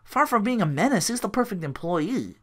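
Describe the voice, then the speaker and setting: A stern, prim businesswoman reads out a verdict in crisp, formal tones, voiced by a man. The voice is bright and rises high. It moves lively as she scolds. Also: a little fast, full character voice. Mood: scolding. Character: prim stern female corporate evaluator.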